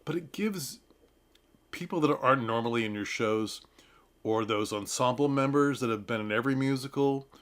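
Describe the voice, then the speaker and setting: A man's voice: medium pitch, a bit bright. Chatty man giving friendly advice. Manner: chatty, laughs often, breaks into playful mock voices. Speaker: theater reviewer. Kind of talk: casual talking-head commentary.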